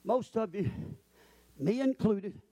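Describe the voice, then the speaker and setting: A male preacher delivering a sermon in a shouting, sing-song cadence. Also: high voice, animated, takes it slowly.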